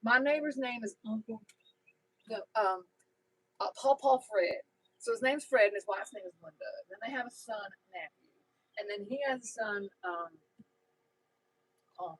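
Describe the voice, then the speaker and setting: A woman's voice: mid-range voice, normal speed, pauses often, a bit bright, slightly rough, low-quality recording. A woman with a mixed New Jersey and Tennessee accent hosting a casual livestream, rambling chattily and reading out viewer comments. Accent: mix of New Jersey and Tennessee. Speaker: YouTube livestream host.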